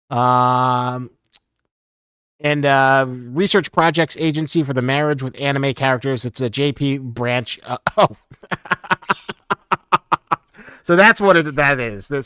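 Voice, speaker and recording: A man hosting a community live stream, reading out viewer questions in a casual, halting way with lots of fillers. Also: mid-range voice, fairly bright tone, no room sound, studio quality. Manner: halting, many fillers, chuckles often.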